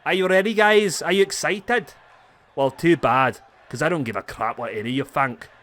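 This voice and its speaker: A man gives voice to a conceited male wrestling villain, smugly posing as a genius and talking down to his rival in pompous terms. His voice is a little high and a bit bright, natural-sounding, at a moderate pace.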